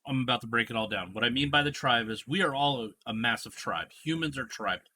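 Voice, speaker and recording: A man's voice: mid-range voice, lively intonation, quick pace, bright, forceful tone, slight background noise. A man hosting a casual podcast chat, retelling a TV scene in a rambling, storytelling way. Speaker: podcast host.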